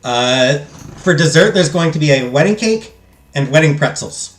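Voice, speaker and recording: A young male gaming streamer jokes around while playing a story game and reading its text aloud for let's play commentary. His voice is on the high side and expressive, at a normal speed, recorded in an echoey room with faint music behind him.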